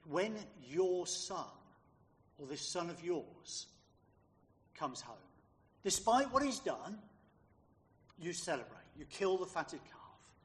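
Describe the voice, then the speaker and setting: A man's voice: high voice, lively intonation, takes it slowly, pauses often, a bit bright, big-room sound. A man preaching a sermon, emphatic and fond of rhetorical questions put to his listeners.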